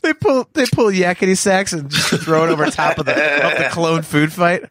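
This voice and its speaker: A man co-hosting a podcast in a lively, tumbling way, his pitch sitting a little high for a man and swinging widely. He stammers through restarts and laughs often. The sound is dry and close. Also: normal speed, no room sound. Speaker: podcast co-host. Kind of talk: casual chat.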